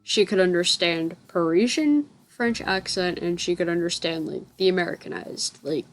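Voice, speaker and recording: A woman's voice: on the low side, normal speed, faint music behind. A young woman from the United States telling a rambling story in a casual voice-over, often stopping to correct herself. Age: young adult. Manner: rambling, self-correcting, chatty. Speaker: gaming channel host. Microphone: voice-over recorded separately from the game footage.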